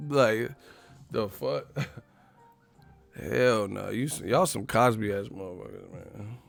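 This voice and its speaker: A man's voice: lowish voice, slow pace, gravelly, long pauses, no echo, soft background music. A man hosting a livestream, ranting comedically in a loose, profane way and laughing often. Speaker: livestream host.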